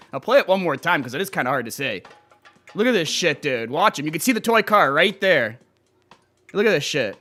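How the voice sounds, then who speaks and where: Reacting to clips and reading chat, a young man rambles through a casual live-stream, cursing freely. He has a bright, forceful voice that's a little high.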